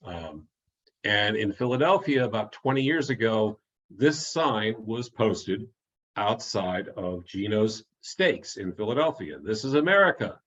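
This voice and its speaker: A man's voice: on the low side, slow, fairly bright tone, husky, dull audio. A man giving an online talk as an author, telling anecdotes in a chatty way, often restarting and chuckling at his own stories.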